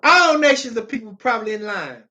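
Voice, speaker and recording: A preacher delivering an emphatic, pleading sermon, reading scripture aloud with repeated phrases and bursts of shouting. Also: medium pitch, measured pace.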